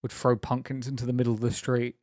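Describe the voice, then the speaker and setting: A man's voice: mid-range voice, level tone, quick pace, darkish tone, no room sound, studio quality. A young man chatting casually on a live stream, rambling, laughing often and teasing viewers.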